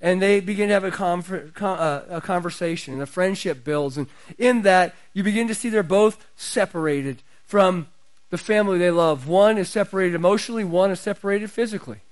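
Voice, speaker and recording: A middle-aged man preaching a sermon in a conversational way, his voice climbing higher and louder as he builds up. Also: fairly quick. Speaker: pastor.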